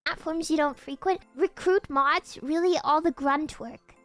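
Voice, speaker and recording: A woman's voice: sits high, unhurried, a bit bright, faint music behind. A woman in her twenties, a streamer chatting casually in a blunt, teasing way. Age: 20s. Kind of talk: casual chat.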